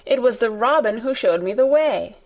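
A woman's voice: animated, moderate pace. A woman voicing a fierce, stubborn young girl who speaks obstinately and indignantly. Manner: obstinate, indignant, raised pitch.

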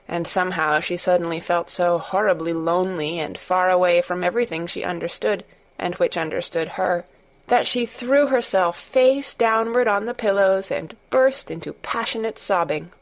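A woman narrates a classic novel as an audiobook. Her reading is measured and steady, in a slightly low voice.

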